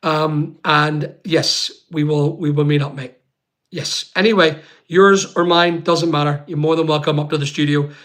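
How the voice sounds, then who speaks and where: A livestream host from Northern Ireland chats casually from a home studio, reading out viewer comments and calling people "mate." He talks rapidly and ramblingly in a fairly high, a bit bright voice with fairly even intonation.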